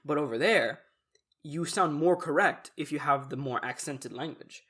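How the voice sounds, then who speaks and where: A man's voice: a little high, normal speed, sharp tone, husky. A young man co-hosting a podcast who explains ideas earnestly in casual chat, stopping to give examples. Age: young adult. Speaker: podcast co-host.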